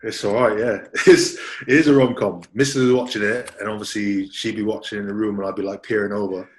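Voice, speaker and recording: A man from Wales chatting as a podcast guest, soft-spoken and laid-back, halting with lots of fillers. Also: on the low side, fairly even intonation, slight background noise, rough recording. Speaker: guest, rugby player. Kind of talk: casual podcast chat.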